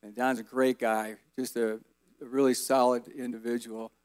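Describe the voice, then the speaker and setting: A man in his fifties giving a relaxed, rambling personal testimony as guest speaker at a church service. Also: mid-range voice, moderate pace, smooth, no echo. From Colorado, USA. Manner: relaxed, folksy, rambling with fillers.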